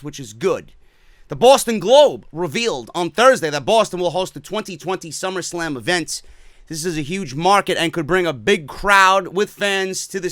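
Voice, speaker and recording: A man's voice: a little high, a bit bright, no room sound, studio quality. A man with a New York accent hosting a wrestling podcast, ranting with sarcastic, profane commentary. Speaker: podcast host.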